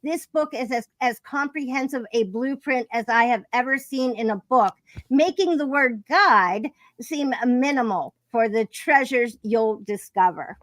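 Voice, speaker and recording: Woman host, live interview chat, fairly high voice, dry close sound. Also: animated, a little slow, no echo. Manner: chatty, effusive, many fillers and restarts. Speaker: podcast host.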